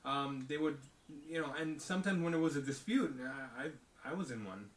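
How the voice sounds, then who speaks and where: A man's voice: fairly high pitch, animated, a little fast, echoey room, recorded from a distance, a little hiss or hum. A man co-hosting a casual discussion, talking emphatically and tagging his points with "okay?" and "you know?". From outside the United States. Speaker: podcast co-host.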